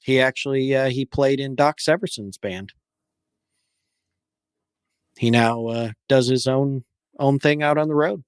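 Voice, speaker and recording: A man's voice: mid-range voice, measured pace, pauses often, clean tone, dry recording. A man co-hosting a casual car podcast, making dry, wry quips. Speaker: podcast co-host. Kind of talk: casual chat.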